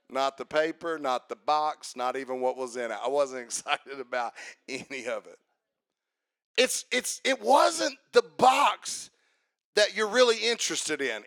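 A man preaching a sermon in a church, calling for amens and rising into shouted, sing-song lines. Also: high voice.

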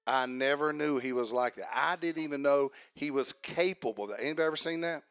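A man with a somewhat high voice preaches a sermon in a conversational manner and keeps asking his congregation questions. He builds to a louder, more emphatic delivery. The recording is dry and close. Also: a little fast, clear, resonant tone, no echo. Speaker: pastor.

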